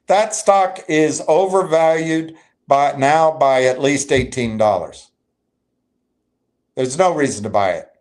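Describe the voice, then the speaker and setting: Slow-talking man ranting about stocks. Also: mid-range voice. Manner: emphatic, agitated, reads chat aloud. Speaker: livestream host. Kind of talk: live stock market commentary.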